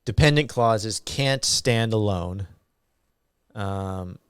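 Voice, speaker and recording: A man giving a university grammar lecture, slow and halting with frequent ums and uhs. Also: fairly low pitch, clear, resonant tone, no room sound, studio quality.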